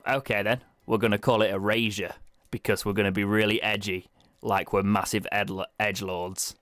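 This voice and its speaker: A man's voice: on the low side, flat delivery, normal speed, a bit bright, no echo, faint music behind. Dry-humoured young British man. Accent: British English. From Britain. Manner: chatty, wry, self-mocking asides. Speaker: let's play streamer. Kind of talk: casual gameplay commentary.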